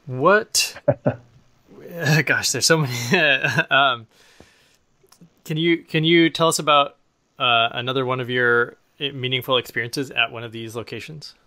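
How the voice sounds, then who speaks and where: A man's voice: mid-range voice, steady tone, moderate pace, bright, forceful tone, dry recording. A man hosting a podcast, asking brief, friendly questions. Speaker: podcast host. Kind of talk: interview questions.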